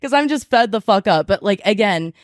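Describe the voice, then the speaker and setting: A young woman casually telling a story from her restaurant job, animated and profane, with lots of fillers. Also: mid-range voice, fairly quick, dry recording, clean studio sound. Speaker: podcast guest.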